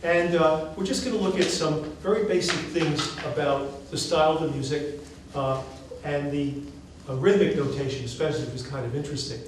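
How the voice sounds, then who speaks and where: A male professor leads a classroom lecture, quizzing his students with an animated, encouraging manner. His voice sits a little high and reaches the mic from across the room. The recording is very echoey, with faint hiss underneath. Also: normal speed, few pauses, far from the mic. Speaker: music professor.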